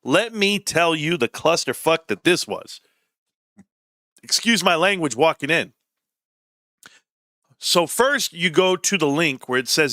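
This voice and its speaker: A man from California ranting casually on a livestream, animated and sarcastic, with frequent swearing. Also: on the high side, moderate pace, no room sound, clean studio sound. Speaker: stock market streamer.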